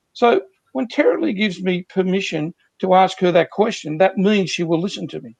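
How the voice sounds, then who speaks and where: Brief: male sales coach, high voice, earnest and repetitive, dry dull call audio. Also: animated, normal speed, gravelly, a little mellow, dry recording. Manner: earnest, repetitive, talks through examples. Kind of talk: guest explaining sales techniques.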